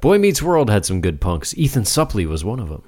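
Lively low-voiced man. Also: a little fast. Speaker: podcast co-host. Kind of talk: casual comedic chat.

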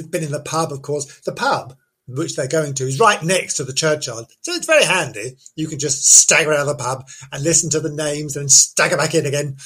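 A man's voice: on the high side, fairly bright tone, breathy edge. A man hosting, telling a folk tale as a comic monologue, full of rambling self-interruptions and silly asides. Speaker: host.

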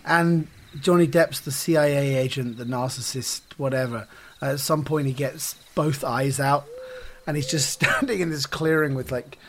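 A British man co-hosting a comedy podcast, telling rambling, animated anecdotes in casual chat. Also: mid-range voice, moderate pace, a little hiss or hum. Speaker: podcast co-host.

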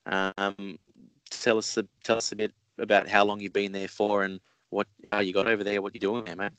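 Teasing male podcast host, low voice. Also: little pitch movement, a little fast, fairly bright tone, clean tone, no room sound, rough recording. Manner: friendly, teasing, calls guest mate. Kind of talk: podcast interview.

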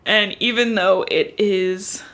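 A young woman co-hosting a podcast, recapping a book in casual chat, full of "like" and quick laughs. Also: mid-range voice, a bit bright. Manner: chatty recap filled with "like", laughing often. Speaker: podcast co-host.

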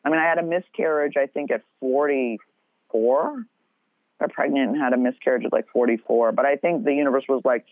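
A woman's voice: extremely low pitch, fairly quick, dry recording. A middle-aged woman in casual podcast chat, talking bluntly with lots of swearing and rambling asides. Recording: tinny phone-like sound.

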